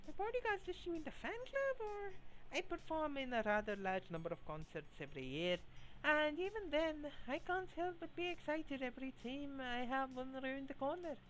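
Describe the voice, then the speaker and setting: A streamer voicing a young female cyber idol in a put-on, deliberately bad Scottish accent while reading game dialogue aloud. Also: fairly bright tone, a little hiss or hum, poor audio. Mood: bubbly. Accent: put-on Scottish, done badly. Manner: high, sing-song idol chatter.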